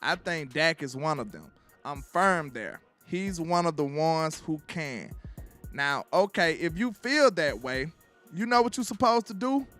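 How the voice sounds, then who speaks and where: A man hosting his own sports commentary show, ranting in an animated, slangy way and laughing as he goes. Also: a little high, a little slow, soft background music.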